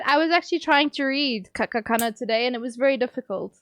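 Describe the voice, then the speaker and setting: A woman's voice: high-pitched, fast, fairly bright tone, no echo. A woman streamer from England chatting casually with her stream chat, teasing and joking as she reads messages aloud.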